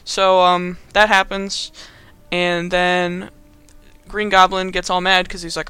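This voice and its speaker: A man's voice: high voice, flat delivery, moderate pace, bright, forceful tone, clear, resonant tone, no echo. A young man casually recapping a movie in a rambling, amused way, full of fillers. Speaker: host.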